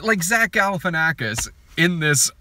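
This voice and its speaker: A man co-hosting a casual movie review chat, talking in an animated way, swearing freely and often laughing. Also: a little high, normal speed, slight background noise. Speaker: film review co-host.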